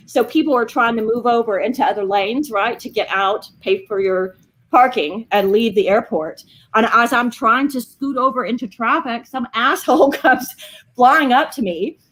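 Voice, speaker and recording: Animated woman telling a story. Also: on the high side. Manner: animated storytelling with frequent laughs. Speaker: co-host. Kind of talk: casual chat.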